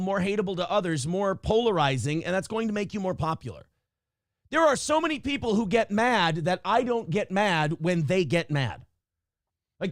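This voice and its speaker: A man's voice: a little high, dry recording, clean studio sound. A man hosting a live show, chatting and ranting, swearing a lot and reading viewer comments aloud. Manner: profane, animated, reads chat comments aloud. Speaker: host. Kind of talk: casual live-show banter and rant.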